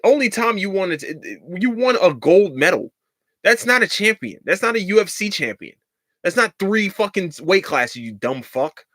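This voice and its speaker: A man's voice: high-pitched, very animated, normal speed, fairly bright tone, no echo, studio quality. A man hosting a podcast, ranting in a heated, profane and sarcastic way, repeating lines for emphasis. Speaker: podcast host. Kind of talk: casual rant.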